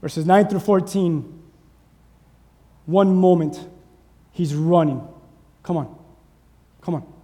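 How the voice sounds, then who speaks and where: A man's voice: high-pitched, slow, long pauses, dark tone, big-room sound. A male pastor preaching a sermon, urging his congregation with fervent call-and-response.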